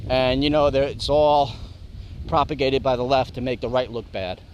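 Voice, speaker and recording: A man co-hosting a political talk radio show, talking in a measured way and often chiming in with short agreements. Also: medium pitch, fairly even intonation, muffled recording, a little hiss or hum.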